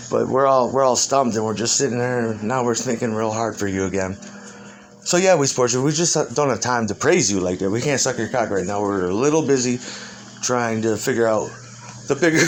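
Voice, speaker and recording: A man in a middle-pitched voice rambles through an unscripted rant, swearing freely and breaking into laughter between lines. He stumbles, restarts and trails off as he talks. A faint hum of ambient noise sits behind him. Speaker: self-described ancient demon persona. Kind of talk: rambling improvised monologue.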